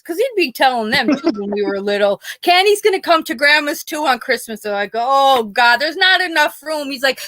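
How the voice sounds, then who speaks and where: A high-pitched, bright woman chats casually on a podcast, telling stories in an animated way with frequent laughter and the odd swear word. Her voice is recorded close and dry, with no room echo. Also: moderate pace, hardly any pauses. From Pennsylvania. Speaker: podcast host. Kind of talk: casual chat, storytelling.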